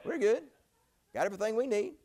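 Fast-talking preacher man. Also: high-pitched, lively intonation. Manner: folksy storytelling, swinging from loud exclamations to quiet asides. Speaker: pastor. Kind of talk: sermon.

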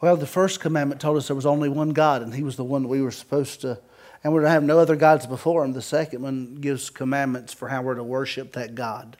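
A man's voice: mid-range voice, steady tone, fast, darkish tone. A man from the Carolinas with a Southern accent, preaching a sermon as pastor in a folksy, joking storytelling way.

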